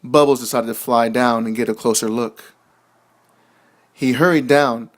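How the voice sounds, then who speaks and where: A young man narrating a children's story in a gentle, measured reading voice. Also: mid-range voice, steady tone.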